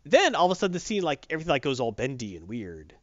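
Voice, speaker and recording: A man casually recapping a comic book, animated and rambling, correcting himself as he goes. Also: on the high side, fast, dry recording, muffled recording.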